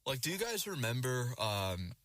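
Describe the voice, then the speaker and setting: Profane rambling young man, bright and dry. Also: medium pitch, big pitch swings, moderate pace, no echo. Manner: profane, rambling, lots of filler words. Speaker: vlogger. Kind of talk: casual rant to camera.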